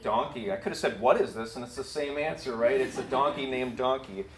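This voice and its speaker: A man's voice: medium pitch, fairly quick, roomy sound. A man preaching a sermon in a casual, storytelling and self-deprecating way. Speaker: pastor. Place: church building.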